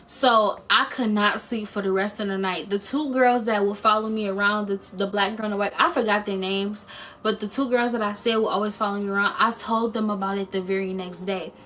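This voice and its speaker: A young woman casually retelling a personal story in a lively vlog, full of slang and dramatic quoted voices. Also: medium pitch, fairly quick, slight background noise. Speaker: storyteller vlogger.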